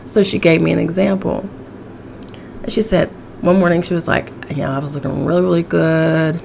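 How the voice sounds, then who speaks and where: A woman's voice: on the low side, fairly even intonation, a little fast, vocal fry, darkish tone, a little hiss or hum. A woman hosting a casual solo podcast, sassy and profane, laughing often, with a chesty cough. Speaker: podcast host.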